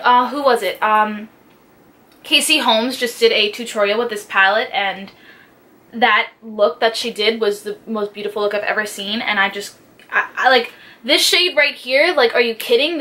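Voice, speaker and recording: A young woman beauty vlogger chats excitedly about makeup, gushing and piling on filler words. Her voice sits a little high and sounds bright and sharp. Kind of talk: casual unboxing chat.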